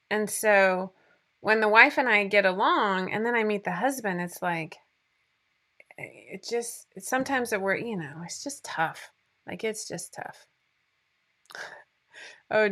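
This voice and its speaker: A woman's voice: mid-range voice, a bit bright. A woman in her forties hosting a casual livestream chat from home, rambling and laughing often, sometimes teary. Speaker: livestream host.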